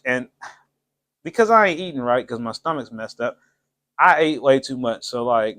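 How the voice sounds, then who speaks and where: A man talks straight to his viewers in a casual vlog, his voice sitting unusually high for a man. He tells his story in a loose, animated way, full of slang and quick laughs. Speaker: channel host.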